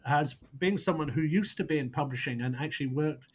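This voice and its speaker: A man's voice: fairly high pitch, fairly quick, breathy edge. A man speaking as a podcast guest, who rambles and searches for words before landing on blunt, scornful verdicts. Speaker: guest prosecutor on a film podcast. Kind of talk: casual podcast debate.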